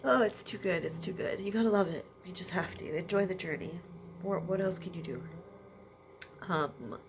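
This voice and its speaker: A woman's voice: fairly low pitch, moderate pace, background noise. A woman giving an emotional late-night energy reading, sniffly and teary from crying, often trailing off and laughing through tears. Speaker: tarot energy reader.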